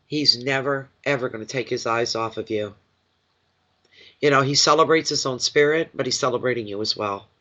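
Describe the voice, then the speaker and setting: A man with a runny nose from a cold gives a chatty, rambling, emotional tarot reading on a live stream. His mid-range voice moves at normal speed with a bright, forceful tone, captured in dull lo-fi stream audio.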